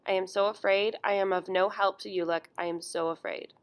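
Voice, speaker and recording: A woman voicing a fragile, frightened young girl who pleads softly in an audiobook. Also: mid-range voice, fairly even intonation, a little fast, clear, resonant tone, lightly acted. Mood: frightened pleading. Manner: soft, pleading.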